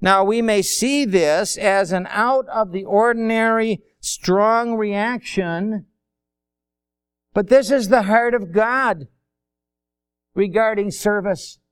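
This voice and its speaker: A man's voice: high voice, slow, smooth. A man preaching a sermon in a folksy way, acting out little everyday dialogues to make his points. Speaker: pastor.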